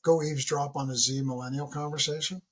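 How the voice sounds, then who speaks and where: A man of about sixty, a retired military leader, talking as a podcast guest in a lively, storytelling way, often acting out what people say. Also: fast talker, breathy edge. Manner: animated storyteller who acts out dialogue with big pitch jumps. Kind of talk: casual interview conversation.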